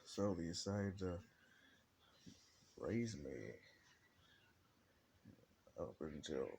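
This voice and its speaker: A man doing a quiet teenage boy. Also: deep voice, animated, very slow, vocal fry, a little hiss or hum, full character voice. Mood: calm. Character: fourteen-year-old boy, calm and wary.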